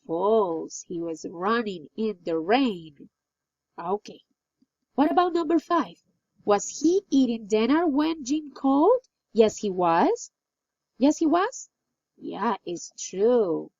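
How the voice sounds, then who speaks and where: Slow, lively woman teacher. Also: fairly high pitch, dry recording. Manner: slow, clear drill reading with praise. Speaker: English teacher. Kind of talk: recorded classroom lesson. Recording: dull, lo-fi dry recording.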